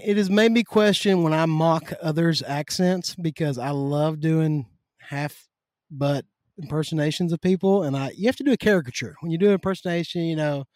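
A man with a Southern US accent from Kentucky, a podcast guest telling stories in a folksy, animated way. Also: fairly high pitch, moderate pace, no echo, clean studio sound. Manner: folksy, animated storytelling with down-home sayings. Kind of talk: casual conversation.

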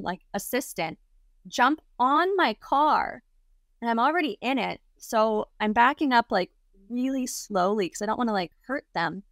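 A woman's voice: a little high, a bit bright, no echo, studio quality. A young adult woman, a guest on an interview show, telling a personal story casually and filling it with lots of "like". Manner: chatty, heavy use of "like" fillers.

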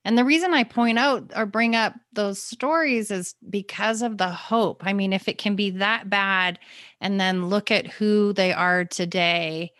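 A woman's voice: mid-range voice, unhurried, fairly bright tone, dry recording, clean studio sound. A woman hosting a podcast, encouraging her guest with short affirmations. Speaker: podcast host. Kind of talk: casual podcast interview.

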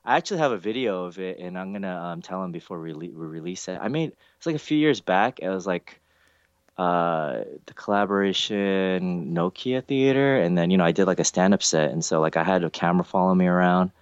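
A man chatting casually, telling animated stories and acting out other people's lines. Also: fairly quick, smooth, no room sound, muffled recording. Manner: animated storyteller, acts out quotes with big pitch jumps. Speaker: event organizer. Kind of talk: casual chat, storytelling.

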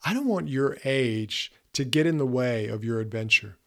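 A man's voice: mid-range voice, lively intonation, moderate pace, creaky. A man in his fifties hosting a podcast, giving an earnest, emphatic motivational talk straight to his listeners. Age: 50s. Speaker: podcast host.

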